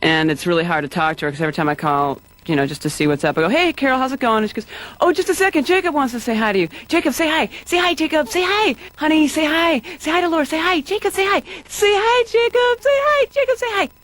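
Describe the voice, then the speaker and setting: A woman voicing a wry cartoon patient who tells a story and mimics people in shrill voices. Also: fast, a bit bright. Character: wry woman therapy patient telling an anecdote. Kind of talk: stand-up style anecdote.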